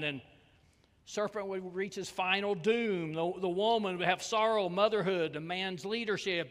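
Slow, bright-voiced preacher in a church hall. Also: male voice, high voice. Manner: preaching, swings from loud calls to hushed near-whispers. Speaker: pastor. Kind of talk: sermon. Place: church sanctuary. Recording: long reverb of a church hall.

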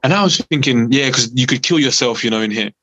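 A man's voice: medium pitch, fast talker, dry recording, poor audio. A young man with a London accent, a podcast guest telling a story casually and acting out the people in it. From South East London. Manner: animated, acts out other voices while telling a story.

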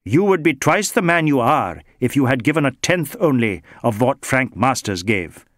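A man's voice: fairly high pitch, big pitch swings, brisk, no room sound, studio quality, voice pushed up. A man voicing an upright police inspector who speaks firmly and sharply, raised above his own reading voice. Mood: stern. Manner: firm, sharp.

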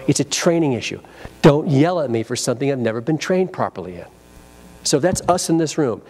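An energetic man teaches a sales training session in a convention seminar room. He talks at a middle pitch, acts out phone greetings and prompts his audience to repeat lines back to him. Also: brisk.

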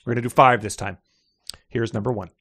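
A man's voice: medium pitch, fairly even intonation, a little fast, fairly bright tone, husky, no room sound, clean studio sound. A man co-hosting a casual podcast, reading fiction excerpts aloud with light character voices and frequent laughter.

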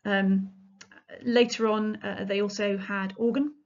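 A woman's voice: medium pitch, fairly even intonation, a little slow, vocal fry, a little mellow. Woman lecturer, talks music history in a loose explanatory way, slightly dull lo-fi sound. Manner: chatty, explanatory, frequent ums and restarts. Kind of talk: illustrated lecture.

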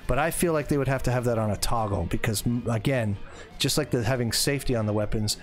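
A man in his forties talks casually through a live game stream, picking up viewer comments and riffing on them. His voice sits at an ordinary middle pitch, and soft game music plays faintly underneath. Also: quick pace. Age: 40s. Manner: chatty, reads viewer comments aloud and reacts. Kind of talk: casual live-stream chat while playing.

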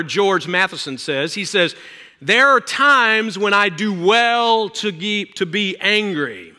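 A male pastor preaching a sermon, swinging between loud, emphatic lines and hushed ones. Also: high voice. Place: church sanctuary. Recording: reverberant church hall.

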